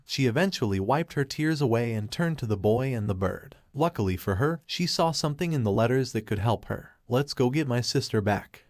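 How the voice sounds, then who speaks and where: A man reads a fan fiction story at a steady, even pace. His voice sits mid-range, recorded close and dry. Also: mid-range voice, no room sound. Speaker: narrator.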